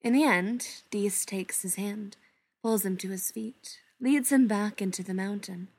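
A woman narrates a story slowly and gently, letting lines settle before moving on. Her delivery is soft and often sinks almost to a whisper. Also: mid-range voice, breathy edge. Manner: soft, unhurried, often hushed. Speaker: reader. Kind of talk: storybook narration read aloud.

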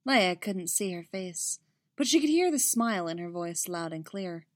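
A woman reading a story aloud in a quiet, measured way. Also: lowish voice, lively intonation, dry recording, studio quality. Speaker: narrator. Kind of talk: audiobook reading.

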